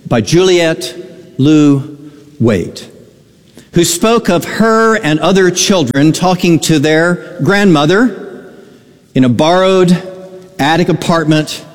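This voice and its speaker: Male pastor, middle-aged, slow earnest sermon storytelling, long reverb behind. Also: on the high side.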